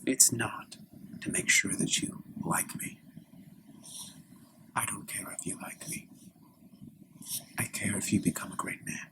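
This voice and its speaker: In a solo improvised comedy scene, a man plays a stern, moralizing middle-aged father who lectures in a hushed, often whispery voice. His pitch is fairly low, and the audio is poor.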